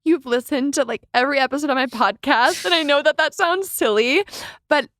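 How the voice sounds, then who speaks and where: A woman's voice: sits high, brisk, a bit bright, dry recording, clean studio sound. A woman in her twenties hosting a podcast, chatting casually, laughing often and acting out what others said. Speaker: podcast host. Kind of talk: casual interview chat.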